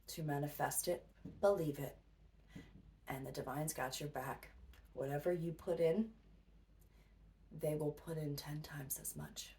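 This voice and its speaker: Woman tarot reader, low voice, blunt and profane, laughs easily; distant mic, faint noise. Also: darkish tone. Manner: blunt, swears freely, laughs a lot. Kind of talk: casual spiritual pep talk.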